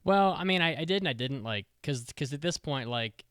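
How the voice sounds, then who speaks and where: A man in his thirties co-hosting a podcast, chatting casually in an excitable, rambling, jokey way. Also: a little high, fairly quick, clear, resonant tone, dry recording, clean studio sound. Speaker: podcast co-host. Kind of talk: casual chat.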